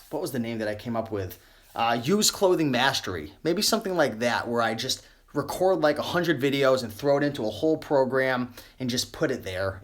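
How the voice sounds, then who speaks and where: A young adult man chatting casually on a live stream about reselling clothes, rambling with many fillers and restarts, his voice starting to wear out. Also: medium pitch. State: losing his voice. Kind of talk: live-stream tips chat.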